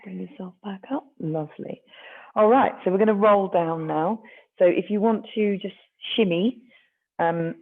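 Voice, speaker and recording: A stretching instructor, guiding a class gently and encouragingly, with light self-mocking asides. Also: medium pitch, gravelly. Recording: tinny phone-like sound.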